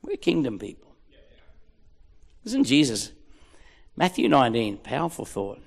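A man's voice: medium pitch, sing-song, measured pace, vocal fry. A man with an Australian accent preaching a rousing, jokey sermon as a pastor, recorded in a large hall. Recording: echoey hall.

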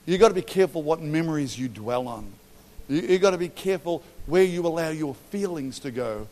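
A middle-aged Australian man preaches in a lively, storytelling way, slipping into acted quotes and humour. His voice sits a little high for a man. The sound carries a long reverb from a big hall. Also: fairly quick. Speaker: pastor. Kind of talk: sermon.

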